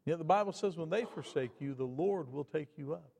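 A man preaching a sermon with dynamic delivery, swinging from loud emphatic bursts to quiet, low asides. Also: brisk, gravelly, big-room sound.

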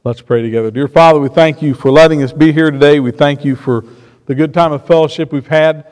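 A man preaching a sermon, shifting between quiet storytelling and emphatic points. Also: fairly high pitch, fairly even intonation, a little fast. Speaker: pastor. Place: church sanctuary. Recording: long reverb of a church hall.

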